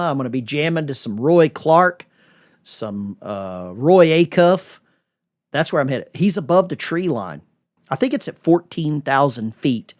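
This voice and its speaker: A middle-aged American man hosting a casual livestream, sarcastic and animated, dropping to mutters and then bursting out loud. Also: mid-range voice. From United States. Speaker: livestream host.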